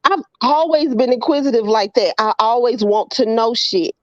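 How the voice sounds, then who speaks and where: A woman's voice: a little high, moderate pace, dry recording. A woman co-hosting a casual vlog chat, earnest and questioning, with some profanity. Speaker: vlog co-host. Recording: slightly dull sound.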